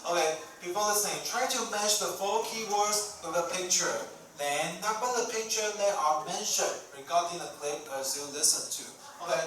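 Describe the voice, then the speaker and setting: A male English teacher leading a classroom lesson, drilling vocabulary slowly with frequent okays and switching into Mandarin to explain words. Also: high-pitched, fairly bright tone, a little hiss or hum. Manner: slow, clear word drills with frequent okays. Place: large echoey classroom. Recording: echoey classroom from far off.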